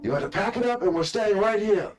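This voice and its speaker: A man's voice: sits high, animated, fast talker, echoey room, voice pushed up. A man voicing a blustering male orc general in a tabletop game, barking orders. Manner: barking, shouted.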